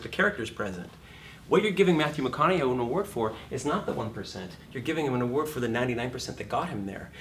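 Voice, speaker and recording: A man's voice: mid-range voice, a bit bright, far from the mic, slight background noise. A man teaching an acting class, talking animatedly, swearing freely and acting out little scenes in put-on voices.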